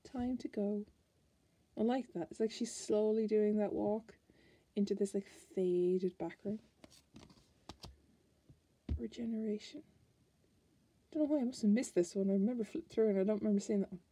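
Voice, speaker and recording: Irish girl flipping thru a card deck, kinda breathy husky voice, chatty n rambly. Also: medium pitch, fairly quick, mellow. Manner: chatty, musing, trails off and restarts. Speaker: tarot card reviewer. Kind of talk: casual deck flip-through.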